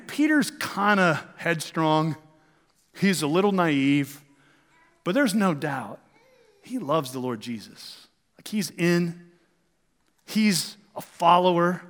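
Male pastor, sermon, chatty and emphatic, raised pitch, echoing church hall. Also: a bit bright. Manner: conversational, rhetorical questions, emphatic swings.

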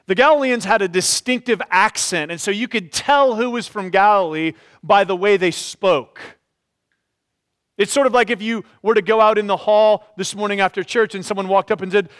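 Male pastor, high voice, reflective expository preaching in church. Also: moderate pace, fairly bright tone, smooth. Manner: reflective, often hedges with "sort of". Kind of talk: expository sermon.

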